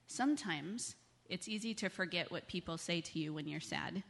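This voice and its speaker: A woman with a fairly low voice leads a children's sermon, gently coaxing the kids with questions. Her voice rings out with the long reverb of a church sanctuary. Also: normal speed, creaky. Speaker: children's message leader at church.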